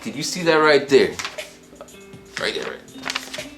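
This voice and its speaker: A man in his forties telling a rambling, animated story at home. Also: medium pitch, measured pace, reverberant, faint music behind. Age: 40s. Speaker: vlogger. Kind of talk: casual storytelling vlog.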